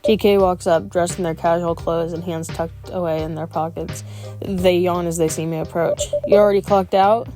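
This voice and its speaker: A woman's voice: lowish voice, level tone, normal speed, mellow. A woman reading a visual novel aloud as a gaming streamer, with wry, playful asides. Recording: game music playing behind.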